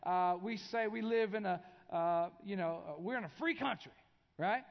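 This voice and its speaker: A man's voice: high voice, moderate pace, vocal fry. A man preaching a conversational sermon as a pastor in a church, often repeating himself and restarting his sentences. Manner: conversational, with many restarts and filler. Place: church sanctuary. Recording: dull sound with long hall reverb.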